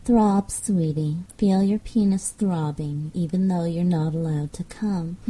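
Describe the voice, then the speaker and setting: Young woman doing slow teasing hypnosis roleplay, super mellow dark voice, coaxing, laughs softly. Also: on the low side, husky, low-quality recording. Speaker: audio role-play performer. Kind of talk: teasing hypnosis role-play.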